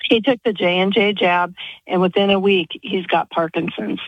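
A woman's voice: medium pitch, steady tone, moderate pace, husky, no echo. A woman in her sixties calling in to a radio show, telling a sad story earnestly. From Arizona. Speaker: caller. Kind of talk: phone-in call. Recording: muffled phone line.

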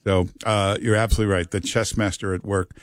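Low-voiced talk radio host. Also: male voice, flat delivery, fast, no room sound. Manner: emphatic, repetitive.

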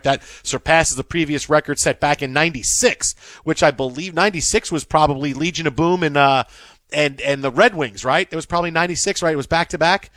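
A man's voice: on the high side, a bit bright, dry recording. A man hosting a sports talk show, rambling and joking, repeating words as he goes.

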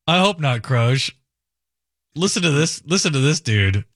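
A man's voice: on the high side, unhurried, no room sound, clean studio sound. A man hosting a radio talk show, chatting casually and laughing at the clips he plays. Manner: amused, animated commentary.

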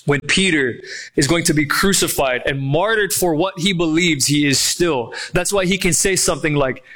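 A man preaching with a high, bright, ringing voice. He is emphatic and fires off rhetorical questions, then slows right down to lean on key phrases. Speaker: pastor. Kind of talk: sermon.

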